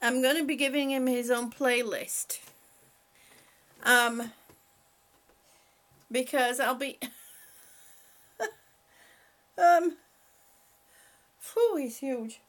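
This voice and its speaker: A woman's voice: high-pitched, very slow, long pauses. A woman hosting a casual live chat from home, rambling and laughing often as she talks to her pets. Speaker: live-stream host.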